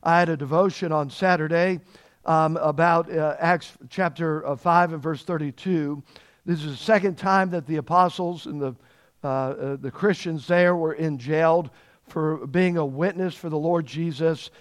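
A man's voice: on the high side, steady tone. A man preaching a sermon, leaning hard on key words and asking the congregation questions. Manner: emphatic, drawn-out stresses on key words.

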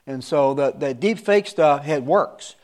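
A man's voice: fairly high pitch, a little slow, a little mellow. A man in his sixties, a Sunday school teacher giving his class an earnest, repetitive warning in casual talk. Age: 60s.

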